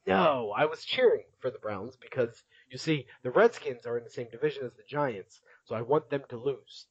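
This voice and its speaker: A man hosts a relaxed podcast and talks through his recap in a loose, chatty way, laughing often and using plenty of filler words. His voice sits at a middle pitch. The recording is dry and a little dull. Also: brisk, breathy edge, no echo. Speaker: podcast host. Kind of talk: casual podcast chat.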